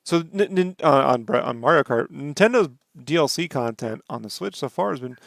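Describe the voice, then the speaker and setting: A man's voice: a little high, animated, a little fast, creaky, no room sound, clean studio sound. A man co-hosting a casual podcast, laid-back and joking, swearing freely as he talks games. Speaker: podcast co-host. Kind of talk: casual chat.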